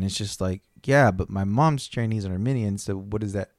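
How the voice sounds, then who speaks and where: An American man talks in a relaxed, conversational way, slipping into quoted voices as he tells stories. His voice sits a little low, and the recording is dry and close. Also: a little fast, no echo. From United States. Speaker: podcast co-host. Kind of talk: casual chat.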